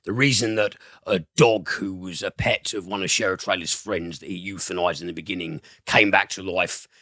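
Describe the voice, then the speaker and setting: A man's voice: low voice, steady tone, normal speed, bright, forceful tone, dry recording, clean studio sound. A man hosting a podcast, reviewing a film in casual, rambling chat with plenty of fillers and swearing.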